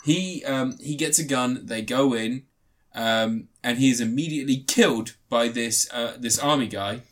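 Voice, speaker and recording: A man's voice: mid-range voice, moderate pace. A man giving a rambling, crude, joke-filled film review, swearing often. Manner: rambling, crude, swears a lot, jokey asides. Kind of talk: casual comedic film review.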